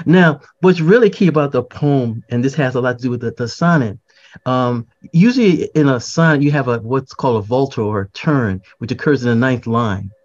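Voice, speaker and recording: An older man explains poetry in an unhurried, reflective manner, looping back on words as he thinks. His voice sits in a middle register. The recording sounds slightly muffled and lo-fi. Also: mid-range voice, darkish tone. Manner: reflective, repeats words, frequent fillers and restarts. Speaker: poet, podcast guest. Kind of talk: conversational explanation.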